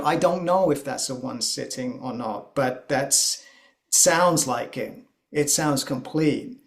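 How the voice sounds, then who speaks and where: A man of middle pitch talks through musical ideas slowly and thoughtfully. He circles back, fills pauses, and explains things step by step. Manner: thoughtful, explanatory, many fillers. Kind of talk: conversational music discussion.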